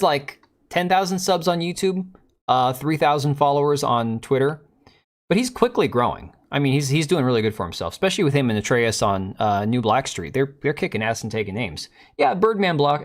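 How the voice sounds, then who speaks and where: A man in his forties hosting a casual live stream, joking sarcastically and answering chat. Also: medium pitch.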